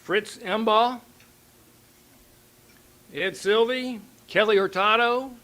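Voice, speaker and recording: A man's voice: high-pitched, slow, sharp tone. A man reading out member names and urging new members at a club meeting. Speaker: club officer.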